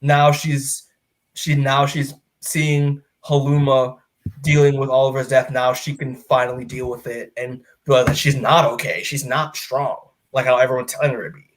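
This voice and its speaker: A man co-hosting a comic book podcast, giving a casual recap that rambles with fillers, restarts and quick quoted lines from the scenes. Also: mid-range voice, fairly even intonation. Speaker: podcast co-host.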